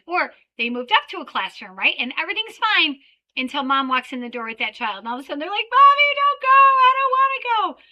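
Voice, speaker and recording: Brief: woman trainer, high and bright, energetic podcast talk, keeps asking "right?". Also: rough recording. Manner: animated, acts out little scenes with children and parents; peppers sentences with "right?". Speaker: podcast trainer for child care owners.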